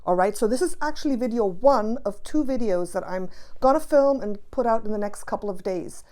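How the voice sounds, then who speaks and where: A woman's voice: mid-range voice, animated, fairly quick, mellow. A woman teaching spiritual practice to camera, passionate and emphatic, repeating key phrases for stress.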